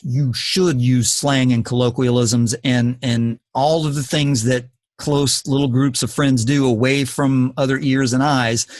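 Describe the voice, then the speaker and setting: A man's voice: mid-range voice, dry recording. A man hosting a podcast, talking in an earnest, emphatic, lecturing way. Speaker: podcast host. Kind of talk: casual podcast talk.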